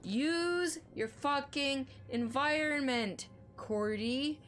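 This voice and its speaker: Chatty swearing woman streamer, slow-spoken. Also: sits high, fairly bright tone. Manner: chatty and self-deprecating, swears freely. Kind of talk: casual live-stream chat and gameplay commentary.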